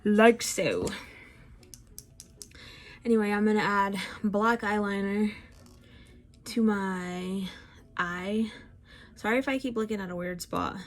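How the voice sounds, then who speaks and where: A young woman talks through her makeup routine in a relaxed, chatty way, joking about herself as she goes. She is heavily pregnant and audibly short of breath, sighing between sentences. It sounds like a home recording made on a camera in front of her. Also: medium pitch, slow, pauses often. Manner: chatty and self-deprecating, with frequent sighs. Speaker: beauty vlogger. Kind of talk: casual makeup tutorial chat.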